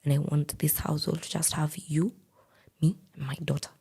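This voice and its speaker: An evasive, offhand man, as a woman quotes him in her own voice. The words come out low, breathy and gravelly in a near-whisper. The delivery stays flat and unbothered. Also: moderate pace, exaggerated voice. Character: her male partner, evasive and casual.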